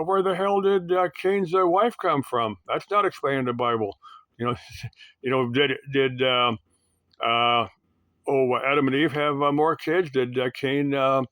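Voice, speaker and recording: A man hosting a rambling solo talk, musing aloud in a halting way, with many uhs and restarts. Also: medium pitch, a bit bright, no echo.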